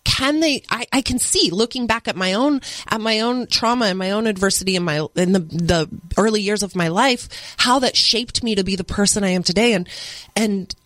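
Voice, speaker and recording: A woman's voice: medium pitch, moderate pace, fairly bright tone, no room sound. A woman speaking as a podcast guest, earnestly retelling moments with her children as a single mother. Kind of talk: personal storytelling in a podcast interview.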